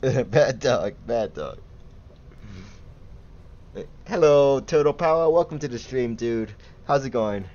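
A young man streams a game with casual, giggly commentary. He laughs easily and gets excited over loot while chatting with viewers. His voice sits mid-pitch and comes through a slightly dull, lo-fi mic. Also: slow pace, long pauses. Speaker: gaming livestreamer.

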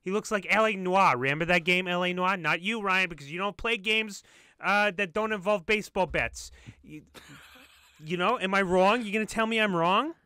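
A young man with a bright, forceful voice that comes through smooth and crisp, close and dry. He jokes and teases his co-host in a loose, animated podcast chat. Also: high-pitched, moderate pace, dry recording. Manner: joking, animated, teasing. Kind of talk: casual chat.

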